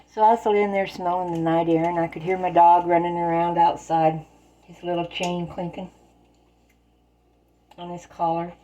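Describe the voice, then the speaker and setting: A woman's voice: on the low side, flat delivery, moderate pace, long pauses, dark tone, dull audio. A woman telling folksy stories in plain, rural turns of phrase while she bakes in her home kitchen. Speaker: storyteller and home baker. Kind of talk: casual spoken storytelling while baking.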